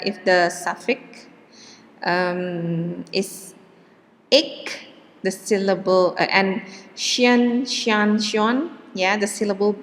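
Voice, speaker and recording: Woman teacher going over stress rules, slow and patient, lots of fillers, big echoey hall. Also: medium pitch, fairly bright tone. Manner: slow and explanatory, with frequent fillers and "okay" check-ins. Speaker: English pronunciation teacher. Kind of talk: classroom lecture. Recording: long hall reverb.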